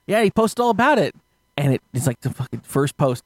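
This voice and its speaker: Fast, profane man on a podcast. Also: on the high side, no echo. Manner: animated, swears a lot, laughs often. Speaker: podcast co-host. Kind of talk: casual profane chat.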